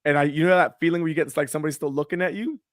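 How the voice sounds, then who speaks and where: A man's voice: on the high side, rapid-fire, dry recording, studio quality. A man from California chatting casually on a podcast, telling stories in a laid-back way and swearing freely. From Sacramento, California. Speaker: podcast co-host. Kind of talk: casual chat.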